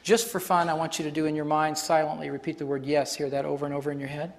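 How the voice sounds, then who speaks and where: A man's voice: a little high, little pitch movement, fast talker, gravelly. A man facilitating a live workshop demonstration on stage before an audience, explaining in a chatty way and laughing often.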